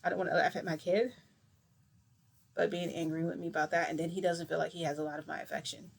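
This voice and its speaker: A woman's voice: lowish voice, little pitch movement, quick pace, creaky, husky. A woman vlogger telling a long story in a casual, rambling way, full of filler words.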